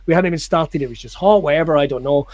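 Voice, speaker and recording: Animated Scottish man telling a story. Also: a little high, fast talker, no room sound. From Scotland. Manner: animated, acts out quotes in raised voices, swears, laughs. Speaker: podcast guest, comedian. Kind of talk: casual storytelling.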